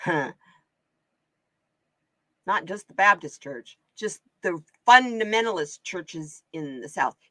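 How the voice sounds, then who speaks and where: A woman's voice: on the low side, animated, slow pace, pauses often, pushed and bright, no echo. A woman from Oregon hosting a live card-reading stream in casual chat. She talks in a chatty, exclamatory way and laughs often. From Oregon, USA. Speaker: host and card reader.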